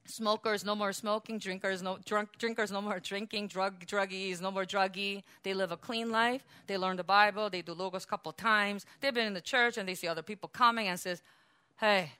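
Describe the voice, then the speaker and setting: A woman pastor preaching a sermon in a church, animated, acting out quotes and laughing often. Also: mid-range voice, normal speed, clear, resonant tone.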